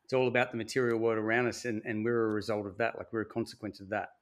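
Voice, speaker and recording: A man talking as a podcast guest and coach, earnest and motivational, swearing casually in relaxed conversation. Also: fairly low pitch, fast.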